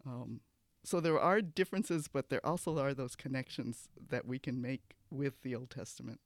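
A man's voice: mid-range voice, normal speed, no room sound. A man in a casual church podcast discussion, speaking earnestly about a sermon.

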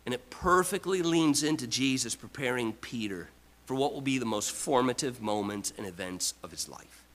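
A man preaching a sermon, emphatic, with repeated restarts, swinging from loud to quiet. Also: mid-range voice, expressive, normal speed, low-quality recording. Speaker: pastor.

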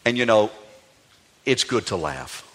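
Older New preacher in a hall. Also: male voice, lowish voice, unhurried. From New Orleans. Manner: animated preaching with playful asides. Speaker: pastor. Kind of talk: sermon.

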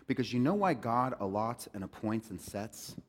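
A man preaching a sermon in an animated, conversational way, mixing jokes with scripture. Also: medium pitch, moderate pace, slightly rough, in a large hall. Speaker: pastor.

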